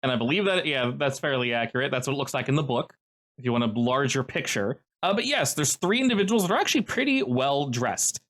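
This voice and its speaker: Animated game master man. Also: medium pitch, fast talker. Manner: lively, explanatory, many fillers. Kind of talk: running a tabletop game over voice chat.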